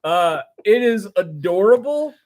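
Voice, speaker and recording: A man's voice: high voice, very animated, a little slow, a little mellow. A man co-hosting a casual comics chat, enthusiastic and rambling with lots of fillers. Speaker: co-host.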